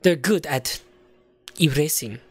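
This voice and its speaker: A man voicing a cold, scheming female director villain in a video game, speaking slowly and menacingly in a lowered voice. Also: slightly rough, no room sound.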